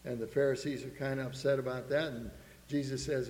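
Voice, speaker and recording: A man's voice: mid-range voice, steady tone, a little fast, darkish tone. Preacher man in an echoey hall. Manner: earnest preaching, reads scripture aloud. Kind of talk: sermon. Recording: echoey hall with faint hum.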